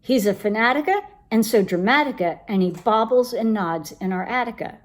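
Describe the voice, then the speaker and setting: A woman's voice: fairly high pitch, lively intonation, moderate pace, close to an everyday voice. Poquito Tito, a woman doing a chatty little chihuahua. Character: small chatty chihuahua dog.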